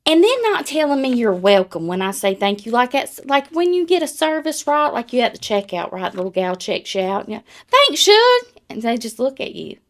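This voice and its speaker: A woman's voice: a little high, sing-song, a little fast, few pauses. A woman, co-hosting a podcast in casual, blunt, profane chat. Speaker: podcast co-host.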